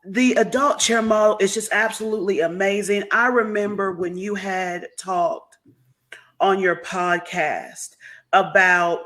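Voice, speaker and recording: A man's voice: high-pitched, steady tone, measured pace, sharp tone. A man hosting an interview, recounting the guest's example back to her in a casual, paraphrasing way. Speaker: host.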